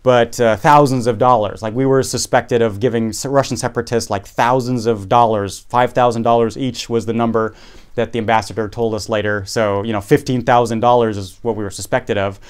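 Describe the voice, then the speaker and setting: A podcast host casually telling a travel story, rambling, correcting himself and making wry asides. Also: male voice, mid-range voice, steady tone, brisk, clean tone.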